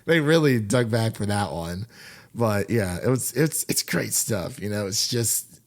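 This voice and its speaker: A man's voice: lowish voice, a little slow. Laughing, rambling male podcast host. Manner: rambling, laughs often, lively sign-offs. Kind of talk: casual podcast chat.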